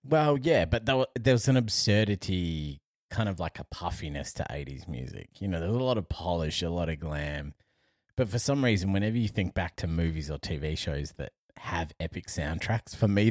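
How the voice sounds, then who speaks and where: A man's voice: low voice, lively intonation, normal speed, a little mellow, no echo, clean studio sound. An Australian man co-hosting a podcast, chatting casually with a wry, teasing manner. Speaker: podcast co-host. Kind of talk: casual chat.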